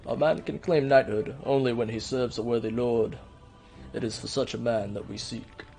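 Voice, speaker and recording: A grave veteran knight speaks slowly and firmly, as a man voices him during a game playthrough. His voice sits at a middling pitch. Quiet game music plays faintly behind him. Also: steady tone, creaky, natural voice. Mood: solemn. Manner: slow, solemn and firm. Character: stern, loyal veteran male knight. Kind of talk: let's play voice acting.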